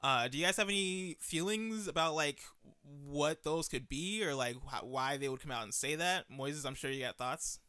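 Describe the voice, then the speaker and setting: A male host with a bright, crisp voice, keeping a casual panel chat moving. He steers the talk and turns questions over to his guests. The mic is close and dry. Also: fairly high pitch, moderate pace, hardly any pauses, no echo. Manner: moderates, passes questions to guests. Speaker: show host.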